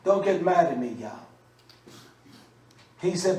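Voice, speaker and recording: A man preaching a sermon, moving from quiet asides to loud, slow scripture reading. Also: high voice, animated. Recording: echoey room, mic at a distance.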